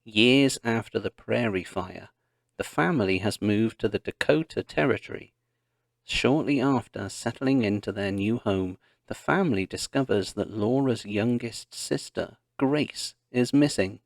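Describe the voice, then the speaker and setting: A man narrating a children's historical story in a deliberate read-along style. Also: lowish voice, creaky, no echo, clean studio sound. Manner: slow, deliberate reading.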